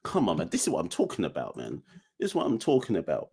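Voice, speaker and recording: A man's voice: deep voice, fast, gravelly, breathy edge. Young guy w hosting a live podcast, defiant and jokey, voice bouncing all over. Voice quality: animated, defiant, joking ranting. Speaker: podcast host. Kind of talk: live call-in show chat.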